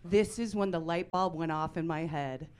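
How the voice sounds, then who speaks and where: A woman in her forties doing a stand-up comedy set on a club stage, with a wry, deadpan delivery that breaks into sudden loud outbursts. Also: lowish voice, moderate pace.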